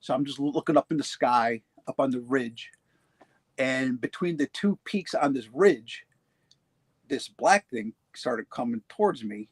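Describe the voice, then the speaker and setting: A man in his forties casually telling his own ghost encounters, halting and restarting often, laughing easily. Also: mid-range voice, breathy edge, no room sound. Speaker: paranormal show guest telling his experiences. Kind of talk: casual storytelling.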